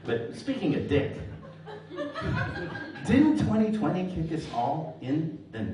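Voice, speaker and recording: A middle-aged man with a fairly high voice performs stand-up before a live audience in a large hall, speaking slowly and very animatedly. He spins dry stories toward pun punchlines while the crowd laughs, captured by a distant mic in the echoey space.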